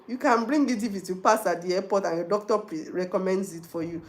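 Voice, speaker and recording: A Nigerian woman talks casually through a live stream, answering viewer questions with frank, chatty advice. Her voice sits at an ordinary middle pitch. The sound comes across roomy and echoey. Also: fast. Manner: chatty, advising viewers directly, mixing in Yoruba and pidgin. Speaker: livestream host.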